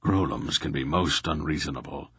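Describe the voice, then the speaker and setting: A man narrating an audiobook with a steady, even reading. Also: very deep voice, moderate pace, husky, no echo, studio quality. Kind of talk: scripted narration.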